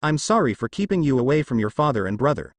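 A protective, concerned mother, as a male narrator voices her, earnest and reproachful, with lively pitch in a dry, close sound. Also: fast, no echo.

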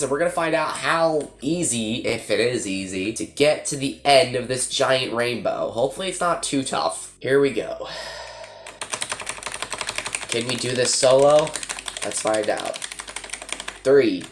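A man's voice: mid-range voice, animated, measured pace, a bit bright. A man chatting casually as he walks through a game update, joking around and teasing himself. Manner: joking, chatty, self-mocking. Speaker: gaming YouTuber.

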